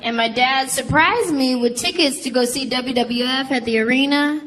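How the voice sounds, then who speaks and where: Animated woman comedian, laughing crowd. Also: high-pitched, moderate pace. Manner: animated storytelling, acting out childhood voices. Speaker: stand-up comedian. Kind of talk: stand-up comedy routine. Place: comedy stage before a live audience. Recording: live show with crowd and noise.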